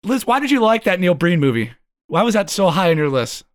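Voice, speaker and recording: A man co-hosting a podcast in casual chat, blunt and quick to swear. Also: sits high, very animated, no room sound, clean studio sound. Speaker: podcast co-host.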